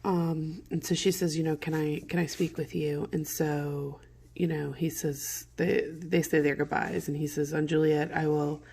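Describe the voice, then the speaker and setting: A woman teacher reading a play aloud and explaining it to students in casual, modern paraphrase, with throat clearing from morning allergies. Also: deep voice, little pitch movement, moderate pace, a little mellow, a little hiss or hum. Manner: conversational, paraphrases lines in plain modern words.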